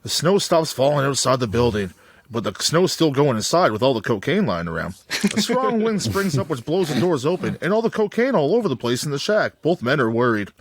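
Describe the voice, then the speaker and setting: A man's voice: mid-range voice, sing-song, a little fast, dry recording. A man reading stage directions aloud in a comedic script read-through, adding crude asides.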